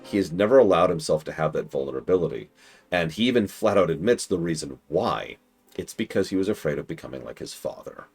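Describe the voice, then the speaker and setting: A young male streamer with a deep voice that swings widely as he talks. He gives enthusiastic, opinionated game commentary full of rambling asides. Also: animated, fast, a little mellow, breathy edge, soft background music. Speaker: streamer host.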